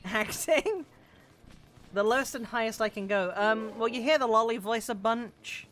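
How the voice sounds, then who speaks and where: Her voice is fairly high, fairly bright and fairly even in intonation, and she calls it androgynous. This woman streamer talks fairly quickly as she plays, rambling casually with plenty of fillers and profanity.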